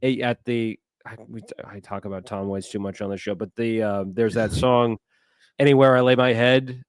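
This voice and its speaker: Rambling man, low dry voice. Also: fairly even intonation, normal speed, dry recording. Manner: rambling, hesitant, many fillers. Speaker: podcast co-host. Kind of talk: casual chat.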